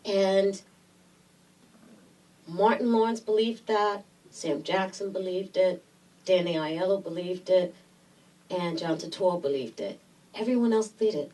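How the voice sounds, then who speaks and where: A middle-aged woman from Brooklyn with a New York Puerto Rican accent, telling a story in an interview, animated and acting out voices. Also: fairly low pitch, slow pace, long pauses, far from the mic, poor audio. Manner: lively storyteller, acts out voices, laughs often. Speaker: guest actress.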